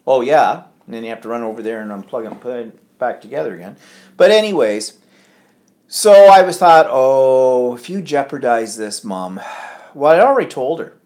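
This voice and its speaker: A man's voice: medium pitch, expressive, a little fast, a little mellow. A man co-hosting a podcast, chatting and telling a story in which he acts out the people he quotes. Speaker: podcast co-host. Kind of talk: casual chat.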